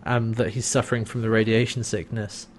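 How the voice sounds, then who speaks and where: A man's voice: fairly low pitch, little pitch movement, a little fast, a little hiss or hum. A man chatting casually about a TV episode, retelling scenes by quoting the characters' lines and laughing often. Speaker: podcast co-host. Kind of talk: casual chat recapping a TV episode.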